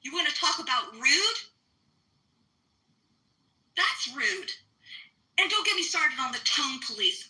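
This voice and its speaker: A woman's voice: sits high, big pitch swings, bright, forceful tone, poor audio. A woman ranting angrily in a live audio chat room, swearing and firing off rhetorical questions. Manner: angry, profane, rapid rhetorical questions.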